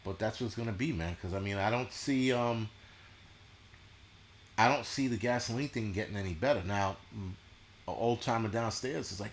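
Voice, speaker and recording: A man hosting a casual livestream, ranting bluntly and profanely with mocking asides and halting restarts. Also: on the low side, slight background noise. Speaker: show host.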